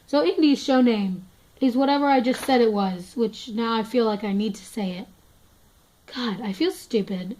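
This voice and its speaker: A woman's voice: fairly high pitch, low-quality recording. Rambling, self-mocking chatty woman. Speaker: toy collector giving a tour. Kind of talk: casual chat.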